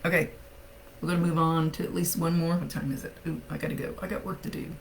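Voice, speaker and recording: A woman's voice: low voice, level tone, fast talker, creaky, a little hiss or hum, rough recording. A woman psychic medium chatting casually through a reading, laughing often as she relays messages.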